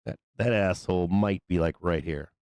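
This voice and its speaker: Guy running a live trading show, smooth low voice, dry sound, swears a lot, gets worked up. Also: moderate pace, no echo. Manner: profane, excitable, loose trader talk. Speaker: stock market show host.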